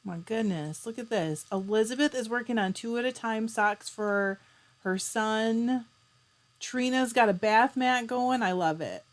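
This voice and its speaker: A woman hosting a casual live stream. She reads out viewers' comments, chats back to them and keeps clearing her throat. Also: fairly high pitch, measured pace. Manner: chatty, reads out comments and answers them warmly. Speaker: livestream host.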